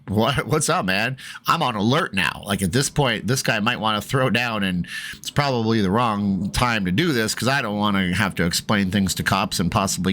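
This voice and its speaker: A man vlogger telling a story in a rambling, chatty way, full of fillers, shifting between low asides and raised, animated bursts. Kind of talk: storytelling vlog.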